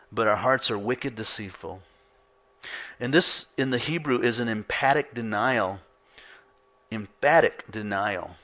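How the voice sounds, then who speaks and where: This man preaches in a conversational style, asking rhetorical questions and hammering points home through repetition. His voice sits at medium pitch, bright and forceful.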